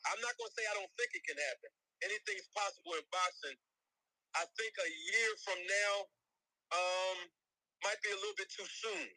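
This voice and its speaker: A man's voice: sits high, normal speed, pushed and bright, rough recording. A man, a boxing manager, talking emphatically in a podcast discussion.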